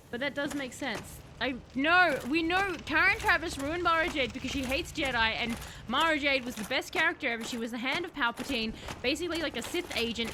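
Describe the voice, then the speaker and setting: Brief: high-pitched woman game streamer, chatty and excitable, noisy mic. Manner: chatty, reads chat aloud, bursts into excited shouts. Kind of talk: casual live-stream gameplay chat.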